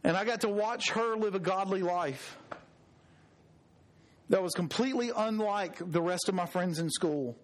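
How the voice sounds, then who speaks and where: A man's voice: high voice, normal speed. A middle-aged male pastor preaching a sermon, earnest and emphatic, telling personal stories with repeated phrases. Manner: earnest, storytelling, emphatic repetition.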